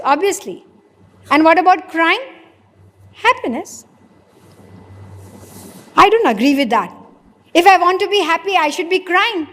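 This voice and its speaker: A woman preacher, her voice pitched high as she poses questions to the audience and answers them herself. A long reverb from the hall trails after each phrase. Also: a bit bright. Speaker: spiritual preacher. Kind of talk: sermon.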